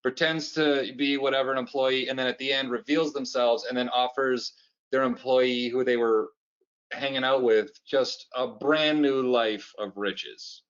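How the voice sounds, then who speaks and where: A man's voice: mid-range voice, fairly even intonation, measured pace, fairly bright tone, smooth, highs cut off. A Canadian man with a Canadian accent, a comedian guest chatting playfully and rambling through jokes on a video call. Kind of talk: casual interview chat.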